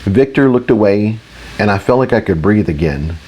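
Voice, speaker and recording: A man reading a fantasy audiobook in the first person, steady and matter-of-fact. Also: on the low side, normal speed, slight background noise. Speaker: audiobook narrator.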